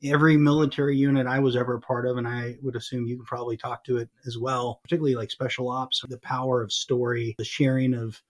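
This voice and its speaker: Measured male podcast host. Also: medium pitch, flat delivery. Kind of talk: casual interview talk.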